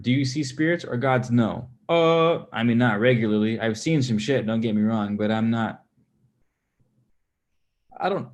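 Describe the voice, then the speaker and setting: A man rambling in a relaxed, casual way as he answers his livestream chat. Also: lowish voice, gravelly. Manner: rambling, relaxed, with many fillers and restarts.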